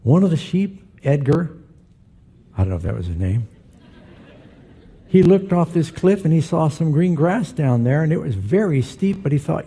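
A man's voice: fairly high pitch, very animated, moderate pace, dark tone, breathy edge. A middle-aged man preaching a sermon as pastor, telling stories with humor and putting questions to his congregation. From Southern California.

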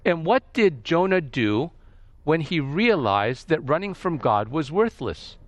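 A man's voice: fairly high pitch, very animated, measured pace, no room sound. A man preaching a sermon, reading scripture aloud and explaining it, lifting his voice for quoted lines.

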